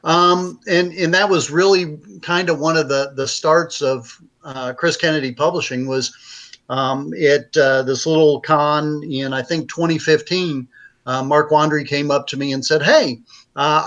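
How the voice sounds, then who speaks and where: A man's voice: on the high side, fairly even intonation, unhurried, fairly bright tone, dull audio. Rambling man telling a story. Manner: rambling, many fillers and restarts. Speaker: publisher and author. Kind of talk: casual interview storytelling.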